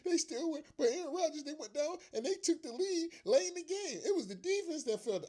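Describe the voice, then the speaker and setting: On his own show, a sports rant vlogger unloads as a fed-up fan, his voice pitched extremely high with big swings, rushing along with few pauses in a darkish tone. He's upset and frustrated, swearing and using slang, repeating himself and laughing in disbelief through this fired-up rant.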